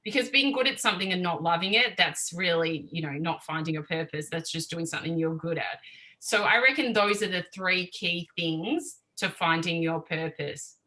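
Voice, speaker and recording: A woman's voice: on the low side, moderate pace, low-quality recording. A woman, a podcast guest talking openly and emotionally in casual interview chat. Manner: emotional, openly expressive, laughs easily.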